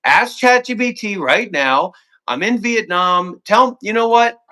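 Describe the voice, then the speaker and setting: A man's voice: high-pitched, lively intonation, measured pace, pushed and bright. A man arguing on a livestream, profane and confrontational, firing off commands in long repetitive lists. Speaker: call-in guest. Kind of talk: heated livestream argument.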